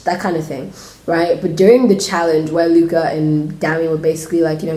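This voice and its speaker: A woman's voice: sits low, fairly even intonation, a little fast, dark tone. A woman giving an opinionated, casual vlog review, full of "like" fillers. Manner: opinionated ranting with many "like" fillers. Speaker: reality show reviewer. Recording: roomy echo.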